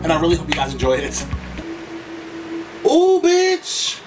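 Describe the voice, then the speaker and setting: A man reacting to a music video, with loud, gushing exclamations, frequent swearing and a camp, sassy delivery. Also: a little high, fairly even intonation, rapid-fire. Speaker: YouTube reactor. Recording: voice from a distance with music clearly behind. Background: music video playing.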